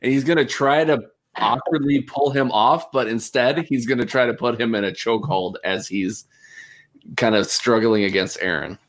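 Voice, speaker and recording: A man's voice: medium pitch, normal speed. A man at a tabletop game, plainly narrating what his character does. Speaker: player.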